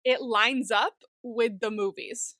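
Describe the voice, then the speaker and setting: Bright, excitable young woman podcaster. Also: a little high, slow, no room sound, clean studio sound. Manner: excitable, swears freely, laughs often. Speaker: podcast co-host. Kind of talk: casual chat.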